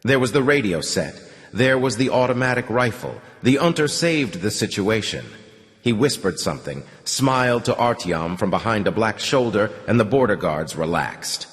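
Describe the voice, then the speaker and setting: A man reading an audiobook aloud in an expressive storytelling way. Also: fairly low pitch, moderate pace. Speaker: audiobook narrator. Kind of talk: scripted narration. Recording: long hall reverb.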